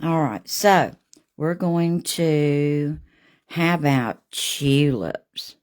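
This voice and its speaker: A woman hosting a live painting demo, chatting warmly with viewers by name as she works. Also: low voice, drawn-out words. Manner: homey and gushing, talks to viewers by name.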